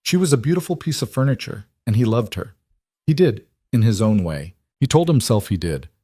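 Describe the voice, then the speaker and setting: A man narrating a scripted story in a steady, even storytelling voice. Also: mid-range voice, brisk, breathy edge, no echo, studio quality.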